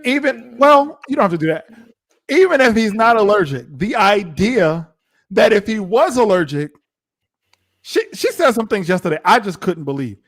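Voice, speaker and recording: High-voiced American man spinning a story. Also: moderate pace. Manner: animated storytelling, acts out quotes. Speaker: co-host of a reality TV review show. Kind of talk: casual live-stream chat.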